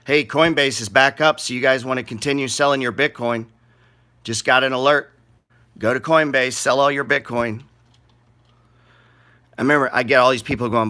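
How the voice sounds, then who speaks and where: A man's voice: medium pitch, moderate pace, long pauses, sharp tone. Profane, blunt man ranting about markets. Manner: blunt, profane, sarcastic, rambling. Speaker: market commentary host. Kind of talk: casual ranting market commentary.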